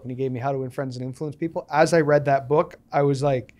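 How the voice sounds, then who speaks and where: A man in his thirties, a guest on a podcast, tells stories fast and with few pauses in a mid-range voice. He's an animated storyteller who acts out the lines people said in this interview.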